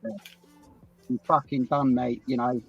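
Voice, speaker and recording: A man's voice: mid-range voice, steady tone, a little slow, gravelly, slightly rough, highs cut off, soft background music. A man with a British accent calling into a live chat from his car, talking bluntly and swearing a lot. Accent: British English. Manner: profane, blunt. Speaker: caller. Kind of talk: casual chat.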